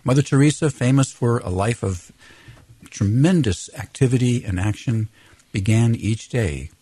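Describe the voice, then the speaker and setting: A man speaking on a radio talk show in a measured, reflective way. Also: medium pitch, lively intonation, mellow, husky, dry recording.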